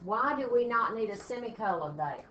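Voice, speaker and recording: A woman English teacher, walking a class through test punctuation questions step by step and reading example sentences aloud with pauses. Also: on the high side, lively intonation, a bit bright. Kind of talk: classroom test-prep lesson. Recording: dull lo-fi classroom recording with faint noise.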